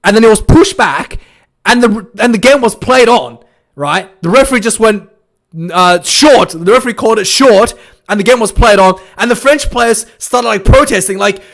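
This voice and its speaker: Rambling high-voiced man recapping a match. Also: expressive, normal speed, fairly bright tone. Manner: rambling, many restarts and fillers, laughs while retelling. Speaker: rugby fan reviewer.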